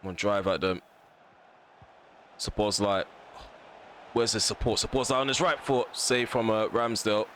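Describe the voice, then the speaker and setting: A man's voice: fairly low pitch, moderate pace, pauses often, slight background noise. A man commentating live on a football video game, ranting at his players and the referee and bursting out when chances come. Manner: excitable bursts at chances and goals. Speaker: gaming commentator.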